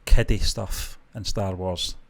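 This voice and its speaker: A man's voice: deep voice, steady tone, slow, gravelly. A man co-hosting a casual TV reaction chat, rambling and hesitant with frequent restarts. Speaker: co-host.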